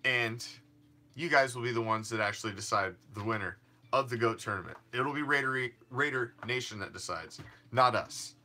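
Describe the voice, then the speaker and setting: A man's voice: mid-range voice, normal speed, sharp tone. A man hosting a fan sports show, talking casually in a rambling, emphatic way with frequent restarts and some swearing. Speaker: fan podcast host.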